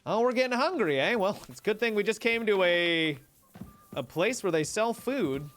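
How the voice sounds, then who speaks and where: Male streamer, chatty game commentary, high lively voice, clear, game music in background. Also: moderate pace. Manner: chatty, rambling, talks to chat. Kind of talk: live gameplay commentary.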